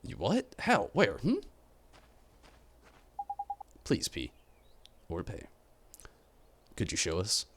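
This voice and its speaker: A man's voice: lowish voice, huge pitch swings, extremely slow, pauses often, noisy background, heavily acted. A man voicing an earnest young boy who asks eager questions.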